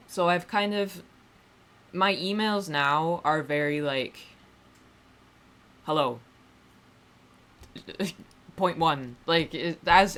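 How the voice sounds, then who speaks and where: A woman's voice: sits low, fairly bright tone. Woman, livestreamer, casual chat, rambling, wry, self-deprecating, swears offhandedly.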